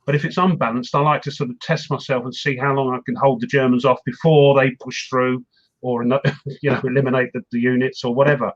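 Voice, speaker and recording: A man's voice: mid-range voice, flat delivery, a little fast, dull audio. A man hosting a wargaming chat show, rambling and self-mocking as he talks through his games. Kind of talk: casual chat.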